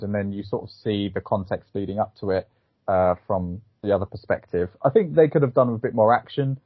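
A man's voice: fairly low pitch, moderate pace, no room sound. A man co-hosting a casual film review podcast, talking in a hesitant, rambling way with many fillers. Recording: phone-like thin sound, dry.

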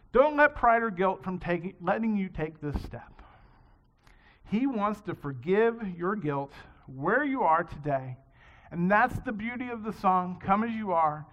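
A man preaching a sermon in a conversational, storytelling way, in a dull lo-fi recording. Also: high voice. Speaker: pastor. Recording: dull lo-fi sound.

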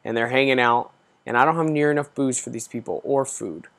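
A man's voice: medium pitch, fairly quick, fairly bright tone. Profane, ranting podcast man. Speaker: podcast host. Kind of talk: casual storytelling monologue.

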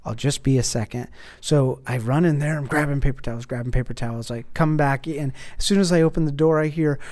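A man tells a comic story to his podcast co-hosts in a warm, mellow voice. He gets animated, swears freely and acts out what everyone said. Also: on the high side, fast.

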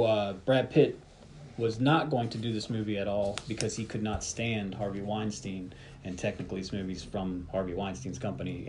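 A man hosting a casual film podcast, telling behind-the-scenes stories in a relaxed, rambling way. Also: low voice, background noise. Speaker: podcast host. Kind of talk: casual chat about a film.

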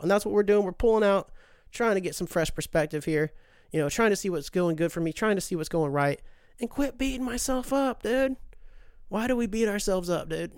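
A man's voice: sits high, vocal fry, dry recording, clean studio sound. A man hosting a podcast, rambling in a profane, self-deprecating monologue and saying dude a lot. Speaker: podcast host. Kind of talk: casual monologue.

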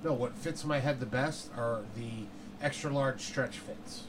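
A man co-hosting a podcast, chatting in a mid-pitched everyday voice. He gets fired up and rambles, with a faint hum of room noise behind him. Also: unhurried. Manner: excitable, rambling, trailing off mid-thought. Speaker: podcast co-host. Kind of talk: casual chat.

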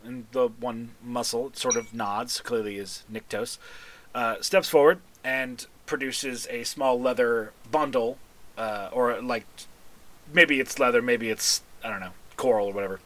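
A man's voice: mid-range voice, steady tone, unhurried, a bit bright. A man running a tabletop game as game master, narrating casually with frequent fillers and laughter. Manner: casual, rambling, laughs often.

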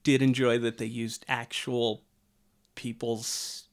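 A man in casual podcast chat, unhurried and meandering. He trails off and restarts with frequent hesitations, his voice sitting at an ordinary pitch. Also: level tone. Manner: rambling, hesitant with many ums. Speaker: podcast co-host.

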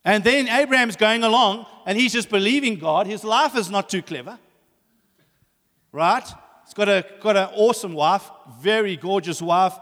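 A male preacher with a high voice delivers a lively, story-driven sermon. His words ring out with a long reverb, as if in a big church hall. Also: normal speed. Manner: animated storytelling, acts out voices.

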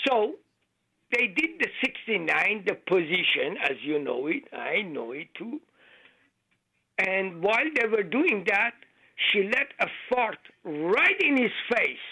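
Halting, high-voiced male caller, slow. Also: animated, bright, forceful tone, breathy edge, low-quality recording. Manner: halting, with many fillers and non-native grammar. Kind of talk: call-in joke telling.

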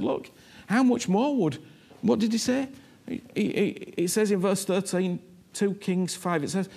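Male preacher, high and gravelly, emphatic sermon delivery with repeated words. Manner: emphatic, repeats words, voices imagined speakers, drops low and soft in prayer. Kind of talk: sermon with prayer.

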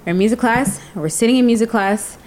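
A woman telling a story in a casual group chat, lively and animated. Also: fairly high pitch, fast talker, a little hiss or hum.

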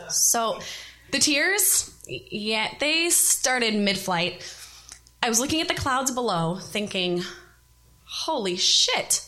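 Woman in her thirties, high lively voice, animated storyteller, bright and expressive, self-deprecating. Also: slow. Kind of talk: live personal storytelling.

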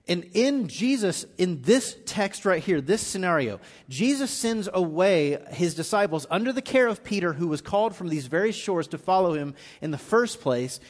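A man preaching a live sermon, his voice pitched high for a man and ringing through a large hall with a long reverb. He tells the story vividly, acting out the quoted lines and building in intensity as he goes. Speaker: pastor. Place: church auditorium.

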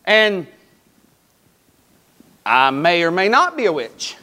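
A man's voice: high-pitched, sing-song, slow pace, sharp tone, exaggerated voice. A preacher putting on the voice of a nervous, evasive woman medium who stammers and hedges with fillers as she retells a scripture story.

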